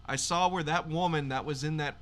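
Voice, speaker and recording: A man's voice: a little high, fairly even intonation, brisk, fairly bright tone, a little hiss or hum. A man co-hosting a casual political live stream, talking with hesitant fillers.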